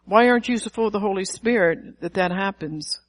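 A woman's voice: medium pitch, a little fast. A middle-aged woman preaching a sermon, emphatic and calling out to her listeners. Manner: emphatic, calls to the audience.

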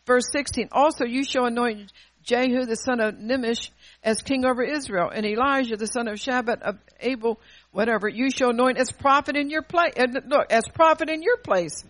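A woman preaching to her congregation, her voice jumping from forceful bursts to near-whispered lines. She throws in quick call-and-response asides between scripture readings. The recording is dry and close, with no room echo. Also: fairly high pitch. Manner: animated, swings between loud and hushed. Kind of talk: sermon.

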